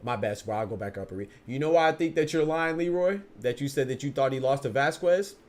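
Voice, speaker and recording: A man of medium pitch hosts a boxing podcast livestream in a loose, casual style. He reads viewer comments aloud and answers them in slangy speech. He repeats words while he works out his thoughts. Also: lively intonation, quick pace. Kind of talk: casual livestream talk, reading viewer chat.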